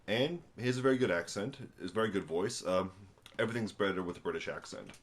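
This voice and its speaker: A man's voice: low-pitched, fast talker. A young American man, tired after a long day, rambling casually at home into a camera on a tripod, full of fillers and wry asides. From United States. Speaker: vlogger reviewing a book. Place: at home indoors.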